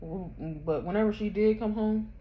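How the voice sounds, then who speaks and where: Grieving woman vlogger near tears, halting and rambling, dull home phone recording with faint hum. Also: medium pitch. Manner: halting, rambling, grief-stricken storytelling. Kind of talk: emotional personal confession vlog. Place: her bedroom at home. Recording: dull muffled sound with faint background hum.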